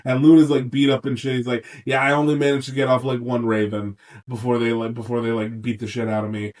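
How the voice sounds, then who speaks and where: A man co-hosting a casual podcast recap while sick, talking in an animated way, swearing and acting out characters in quick silly voices. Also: medium pitch, far from the mic. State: sick for days. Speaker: podcast co-host.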